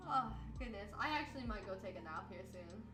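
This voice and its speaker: A tired woman streamer chatting casually and rambling, laughing often and breaking into playful outbursts. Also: fairly high pitch. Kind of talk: casual chat with chat readers. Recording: roomy sound with music behind.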